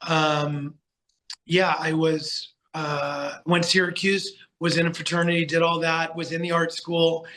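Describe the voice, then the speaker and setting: A middle-aged man from the United States, a podcast guest telling stories in a chatty, animated way, full of fillers and restarts. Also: fairly high pitch, measured pace, a little hiss or hum. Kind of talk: casual storytelling interview.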